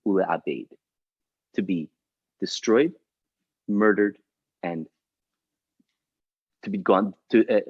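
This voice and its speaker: Rabbi guy teaching a class, husky voice, super lively pitch, dull dry recording. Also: no room sound. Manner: dramatic, explains then acts out the text. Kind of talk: animated Torah class. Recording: muffled lo-fi recording.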